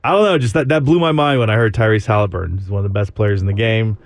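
A man hosting a sports radio show, chatting casually, his voice climbing higher when he gets excited. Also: quick pace, soft background music.

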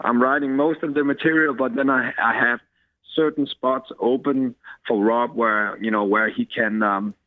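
A man's voice: mid-range voice, no room sound. A male musician calling in to a radio interview, speaking politely and hesitantly, often searching for words. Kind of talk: phone interview. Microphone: telephone. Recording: tinny phone line.

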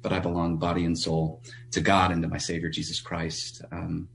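A man, a pastor, telling a personal story as a radio guest in an earnest, halting way with frequent restarts. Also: deep voice, monotone, creaky, a little hiss or hum.

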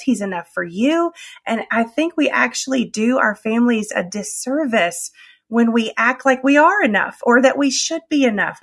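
A woman's voice: fairly high pitch, a bit bright. A middle-aged woman hosting a faith-based podcast, talking in an emphatic, affirming way. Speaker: podcast host.

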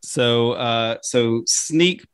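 A man in his thirties or forties co-hosting a casual podcast, with a medium-pitched voice. He tells stories in an animated way, acting out quotes and laughing often. His voice is recorded close and dry. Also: extremely slow, smooth, dry recording. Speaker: podcast co-host. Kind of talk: casual storytelling chat.

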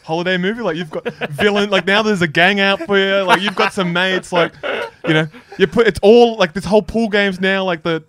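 A man's voice: high voice, fairly even intonation, a bit bright. An Australian man cracking jokes and riffing during a podcast chat. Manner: joking, quick interjections, laughs. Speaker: podcast co-host. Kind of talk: casual chat, banter.

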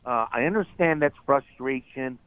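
A man's voice: mid-range voice, normal speed, smooth, no echo. Sarcastic male caller on a phone line. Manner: sarcastic, heated complaining.

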